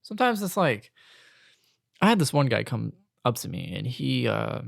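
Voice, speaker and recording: Young man, podcast host, casual venting, gravelly, dry and close. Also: mid-range voice, big pitch swings, moderate pace, no echo. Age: young adult. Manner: exasperated, venting, swears casually. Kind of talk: casual solo rant.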